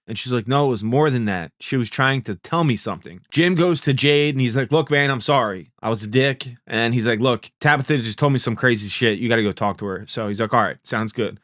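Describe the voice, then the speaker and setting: A man's voice: medium pitch, a bit bright, no room sound, clean studio sound. A young man hosting a TV recap, retelling scenes casually and acting out the characters' lines. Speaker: TV recap host.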